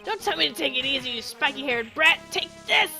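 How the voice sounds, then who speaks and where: A woman voicing a cranky old man who rants and shouts accusations, with game music behind. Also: high-pitched, lively intonation, moderate pace, heavily acted. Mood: ranting angry. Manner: shouting, ranting, stuttering.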